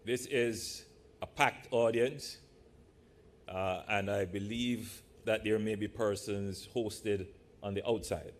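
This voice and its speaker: A man from Jamaica, a politician giving a measured, deliberate speech to a live audience in a large church hall, with playful asides. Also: fairly low pitch, steady tone, slight background noise.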